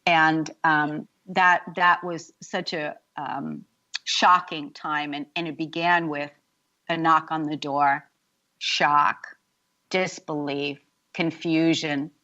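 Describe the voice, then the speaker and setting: A woman's voice: low voice, little pitch movement, takes it slowly, dull audio. A woman hosting a talk radio interview, setting up the guest's story with hesitant fillers and restarts. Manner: warm-up recap, hesitant with fillers. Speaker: radio show host.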